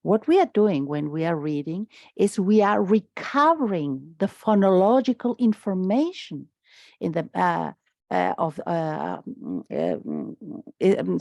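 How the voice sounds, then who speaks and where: Halting woman lecturer, dry sound. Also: fairly low pitch, sing-song, gravelly, warm tone, dry recording, lo-fi sound. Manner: halting, many restarts and fillers. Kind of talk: academic talk. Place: lecture room.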